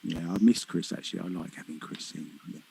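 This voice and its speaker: A man's voice: low voice, fast talker, gravelly, dark tone, slight background noise, poor audio. A man commentating on a pool match, chatty and teasing, laughing easily with his co-host. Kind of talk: live sports commentary.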